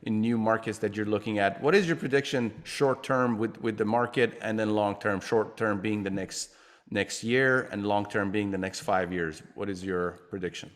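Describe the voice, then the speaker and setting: A man's voice: lowish voice, moderate pace. A man co-hosting a real estate interview, asking enthusiastic questions and repeating words as he goes. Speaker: co-host.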